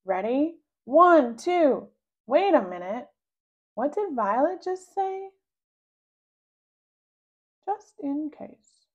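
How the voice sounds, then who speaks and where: Lively woman reading a children's book aloud. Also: takes it slowly, pauses often, dull audio. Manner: voices the child narrator with sudden high, loud outbursts. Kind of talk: read-aloud storytelling.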